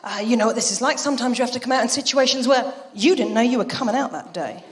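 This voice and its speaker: A woman's voice: quick pace, noisy background. A woman performing a live stand-up set on a theatre stage, telling jokey stories with big swings in her voice. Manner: animated, jokey storytelling with big pitch swings. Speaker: stand-up comedian. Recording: roomy live venue sound.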